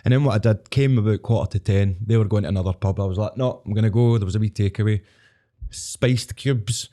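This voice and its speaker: Fast-talking gruff Scottish man. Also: lowish voice, dark tone. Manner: blunt, sweary, storytelling. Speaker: podcast host. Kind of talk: casual chat.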